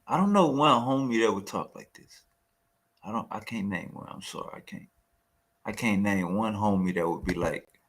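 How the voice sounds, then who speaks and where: A man's voice: fairly low pitch, normal speed, long pauses, fairly bright tone. A man hosting a reaction video, commenting in a slangy, repetitive and mocking way on a debate clip. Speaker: reaction host.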